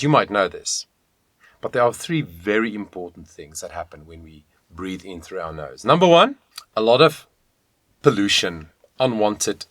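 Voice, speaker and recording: A man teaching a video voice lesson, talking straight to the viewer in an encouraging, animated way. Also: on the low side, no room sound. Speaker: vocal coach.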